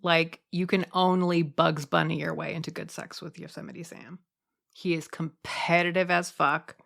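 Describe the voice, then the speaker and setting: A woman hosting a comedy podcast, talking in a playful, teasing way that swings between bold asides and hushed confessions. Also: lowish voice, flat delivery, normal speed, vocal fry. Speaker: podcast host. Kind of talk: comedic podcast monologue and panel chat.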